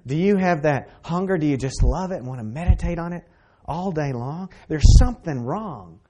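A man's voice: a little high, fairly quick. Earnest preacher man. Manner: earnest, emphatic preaching with repeated phrases and swings between loud and soft. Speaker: pastor. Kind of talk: sermon.

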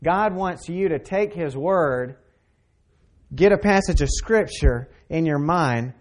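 A man preaching a sermon, earnest and emphatic, repeating phrases and swinging between loud and soft. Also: a little high, expressive, takes it slowly. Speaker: pastor.

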